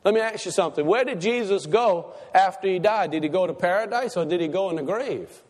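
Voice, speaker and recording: A man's voice: sits high, expressive, fairly quick. A man preaching a sermon to a congregation, asking them questions and repeating his points for emphasis. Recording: reverberant church hall.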